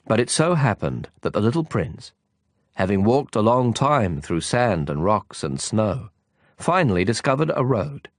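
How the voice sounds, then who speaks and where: A man narrating an audiobook, telling the story slowly and expressively. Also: fairly low pitch, sing-song, no room sound, studio quality. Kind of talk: scripted narration.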